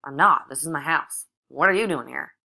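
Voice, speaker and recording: An intense teenage boy from a wealthy home, read by a woman, who keeps his words short and tightly controlled. The voice stays low. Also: normal speed, sharp tone, heavily acted. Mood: tense. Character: intense teenage boy, rich family's son.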